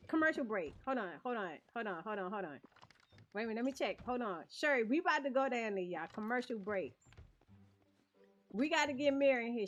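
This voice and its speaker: Slow, lively woman streamer, lo-fi audio. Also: a little high. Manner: chatty, laughs often, talks to chat. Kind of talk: casual game stream chat.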